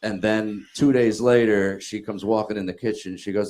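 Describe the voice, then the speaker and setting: Brief: man, lowish voice, blunt cursing storyteller, faint hiss behind. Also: fairly even intonation, moderate pace, a little mellow. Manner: blunt storyteller, swears often. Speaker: guest telling a story. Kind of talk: casual chat.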